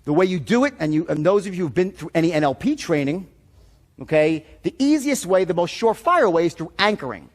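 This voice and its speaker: High-voiced, swearing sales trainer. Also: male voice, fairly quick. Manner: profane, animated storyteller. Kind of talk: seminar talk.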